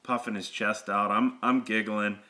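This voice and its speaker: Male podcast co-host, bright forceful tone, animated storyteller who stumbles over his words. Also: on the low side, moderate pace. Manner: animated, laughing, repeats words when excited. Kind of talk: casual storytelling chat.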